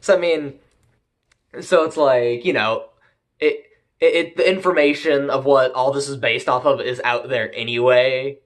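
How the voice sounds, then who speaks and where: A man's voice: mid-range voice, steady tone, a little slow. A man giving a rambling, profane, casual recap and review of an anime episode, laughing often.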